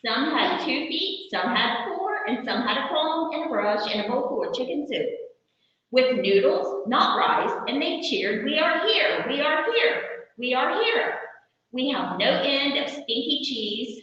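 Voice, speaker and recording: An excitable storybook frog, put on by a woman reading aloud, bouncing from one wild idea to the next. His voice is high and swoops all over. It sounds far off in a long, echoing hall, a bit dull. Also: a little slow. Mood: excited. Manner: bouncy, rambling, high-spirited.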